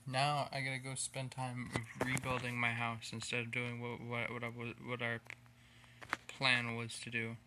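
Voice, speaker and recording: A man's voice: medium pitch, background noise. A man giving casual gameplay commentary, irritated, cursing and rambling as he plays. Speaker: gamer playing a survival game.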